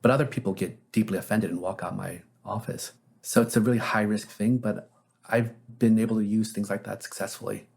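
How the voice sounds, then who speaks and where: A man's voice: on the low side, steady tone, brisk, vocal fry, darkish tone, husky. A man, a therapist, telling anecdotes as an interview guest in a casual, reflective way with frequent fillers.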